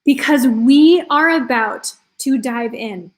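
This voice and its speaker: A woman's voice: high voice, takes it slowly. A woman health and confidence coach giving an enthusiastic live online presentation, telling a story and speaking straight to her audience.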